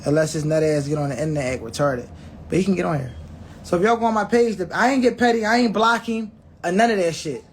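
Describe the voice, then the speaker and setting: A man with a high voice speaks at a quick pace, telling viewers a personal story with blunt profanity. He acts out what people said and keeps restarting and repeating words, and there's slight background noise.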